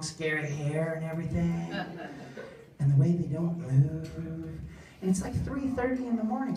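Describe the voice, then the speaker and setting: A woman performing a funny personal story live before an audience, animated and self-deprecating, acting out the other voices. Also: lowish voice. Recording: echoey room, far mic, audience.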